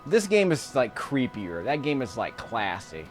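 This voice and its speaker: A man's voice: medium pitch, sing-song, a little slow. Man, casual gameplay commentary, rambling, frequent chuckles, faint game music underneath. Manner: rambling, chuckles often between remarks. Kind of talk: casual let's-play commentary.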